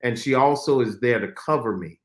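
Earnest pastor-host in a roomy room. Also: male voice, medium pitch, brisk. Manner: earnest, preacher-like cadence. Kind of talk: talk show conversation. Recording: roomy studio echo.

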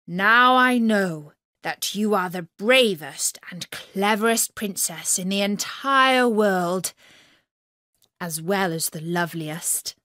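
A woman's voice: medium pitch, expressive, takes it slowly, pushed and bright, no echo, clean studio sound. A woman voicing a silly young male jester who works as a secret agent, telling jokes in a chirpy, cheeky way in a storybook reading. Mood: grateful.

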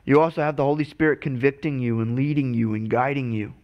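A man's voice: mid-range voice, fairly even intonation, fast, dull audio. Male pastor, sermon delivery, earnest, restarts and repeats words.

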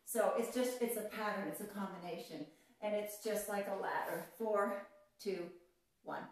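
A woman's voice: medium pitch, moderate pace. A woman teaching a belly dance class, chatty and encouraging, counting steps aloud. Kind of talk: live online dance lesson. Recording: echoey room, voice from far off, faint music.

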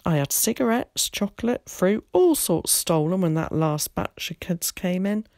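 A woman's voice: fairly low pitch, expressive, measured pace, darkish tone, no echo, studio quality. A woman voicing a blunt, suspicious middle-aged shopkeeper. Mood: grumbling. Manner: blunt, grumbling.

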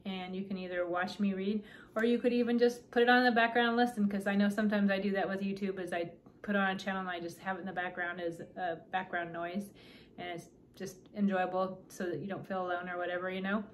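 On her own channel, a woman with a mid-range voice talks at a quick pace over a slight hiss or hum. She is relaxed and chatty, using fillers in between as she reads a children's book aloud.

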